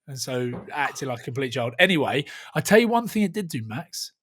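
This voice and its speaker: A man's voice: mid-range voice, sing-song, brisk, few pauses, fairly bright tone, husky. A man, telling a rambling story in casual podcast chat and swearing freely. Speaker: podcast host.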